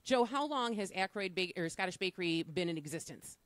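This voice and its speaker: A woman's voice: lowish voice, animated, brisk, a bit bright, dry recording. Upbeat woman hosting live radio. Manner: upbeat, teasing. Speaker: radio host. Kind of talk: live on-location radio segment. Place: bakery.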